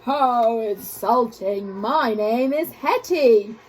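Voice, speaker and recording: A woman voicing a grumpy female monster who speaks slowly with a growl. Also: fairly high pitch, mellow, slight background noise, poor audio. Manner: slow, growling.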